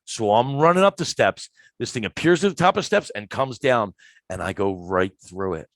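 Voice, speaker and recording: A man, a podcast guest telling a story in a lively, emphatic way and acting out the lines of the people in it. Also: medium pitch, normal speed, dry recording. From Philadelphia, USA. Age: 50s. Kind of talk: casual storytelling.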